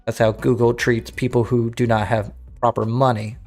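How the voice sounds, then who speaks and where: A man hosting a casual gaming livestream, talking off the cuff with frequent restarts and throat-clearing. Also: medium pitch, little pitch movement, moderate pace, darkish tone, faint music behind. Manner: rambling, self-interrupting, clears throat. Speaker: livestream host.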